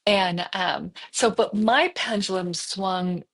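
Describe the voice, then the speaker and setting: A woman in her fifties telling a story as a podcast co-host in casual chat, animated and acting out her own inner voice. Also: mid-range voice, slow, slightly rough. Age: 50s.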